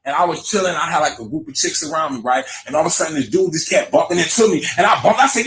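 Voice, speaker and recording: A man's voice: fairly high pitch, fast talker, few pauses, fairly bright tone, poor audio. A man with a Virginia accent hosting a joking live chat, rambling and repeating his phrases in playful slang. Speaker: show host. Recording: faint background noise.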